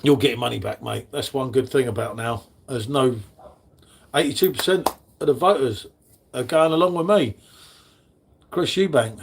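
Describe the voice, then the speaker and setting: A man's voice: mid-range voice, animated, measured pace, gravelly, pauses often, husky. A man hosting a casual live stream, chatting with viewers in the chat by name. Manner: chatty, matey, talks to chat readers by name.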